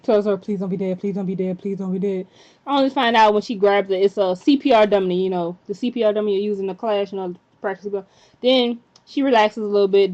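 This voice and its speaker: A woman's voice: mid-range voice, darkish tone. A woman giving a casual recap of a TV episode, chatty and breaking into indignant rants. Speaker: TV episode reviewer. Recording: slightly dull lo-fi recording.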